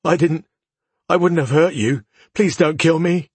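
A man's voice: medium pitch, very animated, slow, breathy edge, no echo, exaggerated voice. A man voicing a frightened young male soldier who pleads in a whiny, stammering voice. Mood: whimpering.

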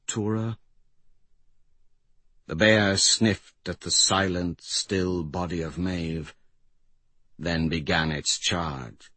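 Male narrator, audiobook, slow measured reading, husky, dry recording. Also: fairly bright tone, no room sound. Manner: slow, measured, low storytelling.

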